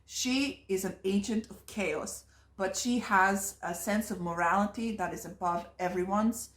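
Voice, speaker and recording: A woman's voice: medium pitch, a little slow. A woman co-hosting a casual book chat, enthusiastic, laughing often and swearing freely. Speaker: booktuber co-host. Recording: echoey room.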